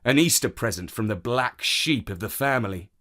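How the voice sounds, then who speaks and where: A man's voice: medium pitch, animated, moderate pace, sharp tone. A man as a cool ex-soldier uncle.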